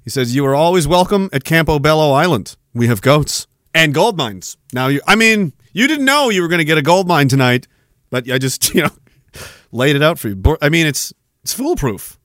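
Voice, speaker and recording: A man hosting a podcast, reading chat messages in a sarcastic, animated way, laughing often and swearing. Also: on the high side, moderate pace, dry recording, studio quality. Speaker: podcast host. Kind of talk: casual livestream commentary reading chat.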